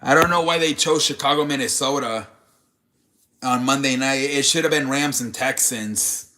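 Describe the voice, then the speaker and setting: A man's voice: medium pitch, normal speed, pushed and bright. A man hosting a live sports stream, chatting casually with viewers in a rambling, profane way.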